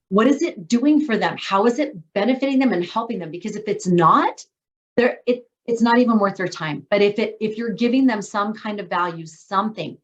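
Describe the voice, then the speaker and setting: A woman hosting a writers' training call in a casual, enthusiastic way, with emphatic asides. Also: mid-range voice. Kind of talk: casual video-call discussion. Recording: dull lo-fi call audio.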